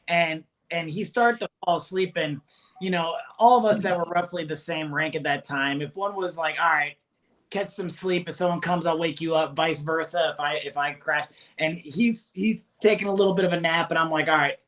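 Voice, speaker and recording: A man's voice: fairly high pitch, a bit bright. A man in his forties, a military veteran, reminiscing in an easygoing, curious way and sharing anecdotes with old comrades. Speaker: Marine veteran. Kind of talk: casual reminiscing chat.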